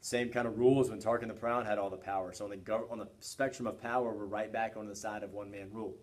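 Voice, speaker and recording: A man's voice: on the low side, steady tone, quick pace. Casual, chatty male history teacher. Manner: conversational, keeps asking "right?". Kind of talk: casual classroom lecture.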